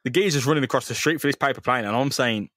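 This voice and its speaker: A man's voice: mid-range voice, fast, a bit bright, no echo, clean studio sound. Sweary man recapping comics. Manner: loose, sweary storytelling that acts out characters' lines. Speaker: podcast co-host. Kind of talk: casual comic chat recapping a comic.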